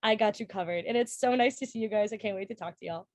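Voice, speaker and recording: A woman's voice: medium pitch, quick pace, darkish tone, dry recording. A bubbly, giggly woman in her twenties with a Minnesotan accent, a student chatting on a video call and joking about herself. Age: 20s. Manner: bubbly, giggly, self-deprecating. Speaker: student panelist. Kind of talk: casual video call chat.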